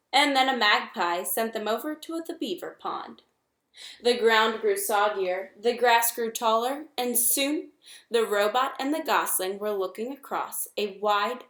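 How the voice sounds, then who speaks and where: A woman reading a children's novel aloud in an expressive, measured way. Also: fairly high pitch. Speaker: reader. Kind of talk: storybook read-aloud. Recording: echoey room.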